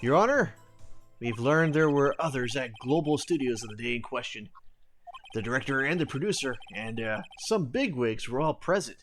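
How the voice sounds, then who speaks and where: An earnest young defense lawyer states his case in formal courtroom language, as a man reads him in a fan game dub. The voice sits at an ordinary pitch, with faint music under it. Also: expressive, moderate pace, lightly acted. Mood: insistent.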